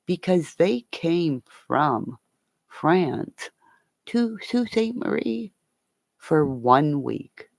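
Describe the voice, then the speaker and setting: A woman rambling through a livestream chat, unhurried, her low voice full of gravelly fry. She swears freely and calls her viewers by name and endearment. The sound is dry and close. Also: big pitch swings, no room sound. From Northern Ontario, Canada.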